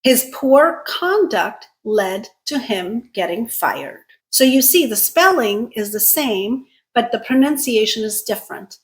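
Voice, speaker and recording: A woman with a slightly raised pitch leads a video lesson on English pronunciation. She speaks in a deliberate, clearly enunciated way and leans hard on the words she wants to stress. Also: expressive, low-quality recording. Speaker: English teacher and channel host.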